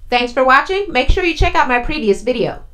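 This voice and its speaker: A woman's voice: high-pitched, expressive, brisk, fairly bright tone. A woman vlogger recapping a reality show in a casual, blunt, profane rant, acting out what other people said.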